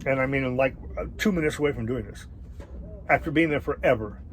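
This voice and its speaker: A middle-aged man casually telling a travel story, rambling and halting with many fillers and restarts. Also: medium pitch, slight background noise, poor audio. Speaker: travel vlogger.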